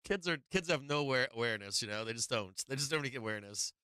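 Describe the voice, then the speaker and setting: Middle-aged male streamer, bright and clean tone, dry close mic, rambling storyteller. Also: mid-range voice, fast talker, few pauses, smooth, no echo. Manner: rambling, laughs often, acts out family voices. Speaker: stock market livestream host. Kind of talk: casual livestream storytelling.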